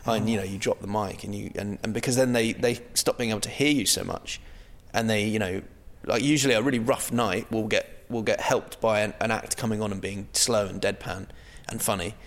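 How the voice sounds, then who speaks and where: A man's voice: lowish voice, brisk, hardly any pauses, long reverb tail. A man, a comedian, chatting casually and acting out voices in the stories he tells. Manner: animated, acts out quoted voices. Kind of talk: casual chat.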